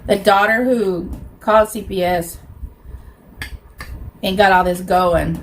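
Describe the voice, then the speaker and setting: A woman's voice: medium pitch, measured pace, long pauses, noisy background. A woman hosting an eating show, telling a true crime story in a blunt, colloquial way and talking straight to her viewers. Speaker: mukbang host.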